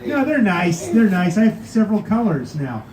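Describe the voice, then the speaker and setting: A man's voice: sits high, very animated, moderate pace, crowd noise. A man hosting a live show, loose and chatty, often filling with "uh.". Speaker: show host. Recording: echoey room with background noise.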